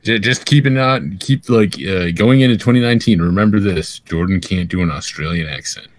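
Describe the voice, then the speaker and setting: A man's voice: lowish voice, brisk. A young man co-hosting a podcast in casual chat, stammering often, teasing the others, and swearing freely. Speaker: podcast co-host.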